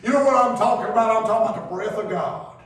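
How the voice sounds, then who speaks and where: A man, a pastor preaching a sermon and swinging between loud calls and hushed, low passages. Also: fast talker. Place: church sanctuary. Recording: very echoey church heard from a distance.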